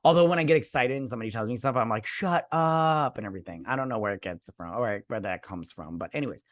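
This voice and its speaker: A man's voice: medium pitch, quick pace, no room sound, studio quality. A man hosting a casual spoken TV review, rambling with many fillers and restarts and mimicking characters' lines. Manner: acts out characters' lines in mocking voices. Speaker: TV review host.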